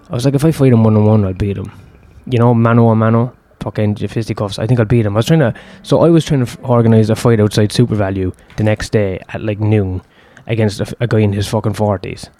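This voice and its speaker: A man's voice: mid-range voice, darkish tone. A man, telling a long personal story in a rambling, profane, self-deprecating way. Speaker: host.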